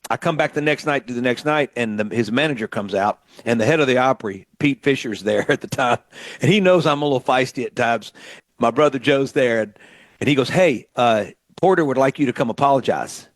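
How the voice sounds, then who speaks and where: A middle-aged man from Mississippi who hosts a radio show, telling stories in a lively way and acting out what people said. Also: mid-range voice, a little fast, dry recording. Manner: animated storyteller, acts out quotes. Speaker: radio host and musician. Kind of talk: storytelling radio chat.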